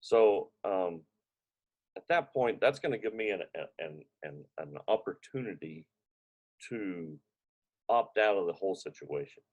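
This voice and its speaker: Man with a lowish voice giving casual advice. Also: animated, measured pace, narrow, tinny audio. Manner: conversational, loose, many fillers and restarts; tells personal stories to make his point. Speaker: brain injury recovery coach. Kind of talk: casual spoken advice talk.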